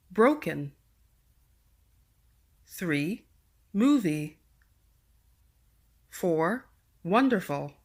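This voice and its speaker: Slow, careful woman teaching pronunciation. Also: on the low side, a bit bright. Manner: deliberate, carefully enunciated teaching delivery. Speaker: English teacher and podcast host. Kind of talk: slow, clearly articulated pronunciation lesson.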